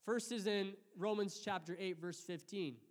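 A man in his thirties preaching a sermon, praying and telling stories earnestly, with lively acted-out quotes. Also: high-pitched, moderate pace. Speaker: pastor. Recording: hall reverb.

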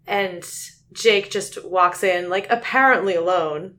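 A woman's voice: lowish voice, measured pace, fairly bright tone. A woman co-hosting a casual book podcast, chatty and enthusiastic. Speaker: podcast co-host. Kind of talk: casual chat about books.

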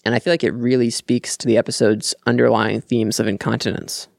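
Gravelly, deadpan man cracking crude jokes. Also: medium pitch, fairly quick, no echo, studio quality. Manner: deadpan crude joking, laughs often. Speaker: podcast co-host. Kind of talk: casual chat.

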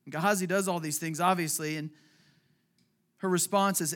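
A man preaching a sermon, earnest and halting, repeating words as he retells a scripture story, acting out its lines and dropping soft at tender moments. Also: a little high. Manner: earnest, repeats words, acts out quotes, drops to near whisper at emotional points. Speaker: pastor.

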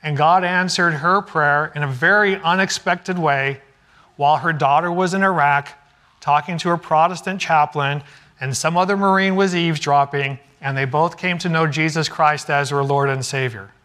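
Brief: middle-aged male preacher, slightly higher voice, storytelling sermon delivery with acted-out quotes. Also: moderate pace, sharp tone. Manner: storytelling, acts out quoted dialogue. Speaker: pastor.

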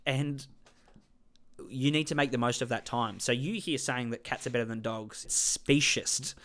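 A man co-hosting a comedic debate podcast on stage, telling animated stories and laughing through them. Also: medium pitch, moderate pace. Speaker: podcast co-host. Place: stage with live audience.

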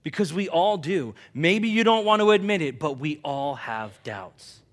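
A man preaching a sermon in an animated, conversational way, dropping quiet for emphasis. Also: on the high side, a little slow. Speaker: pastor.

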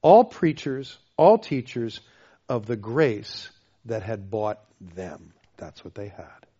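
A man preaching a sermon as pastor, emphatic, repeating phrases and swinging between loud and soft. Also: on the low side, sing-song, slow, breathy edge, dull audio. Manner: emphatic, repeats phrases, varies loudness widely.

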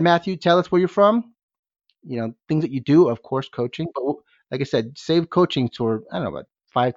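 A man's voice: medium pitch, darkish tone, no echo. Hyped man hosting a podcast. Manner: hyped, exclamatory, rhetorical questions to listeners. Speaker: podcast host. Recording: dull, dry lo-fi sound.

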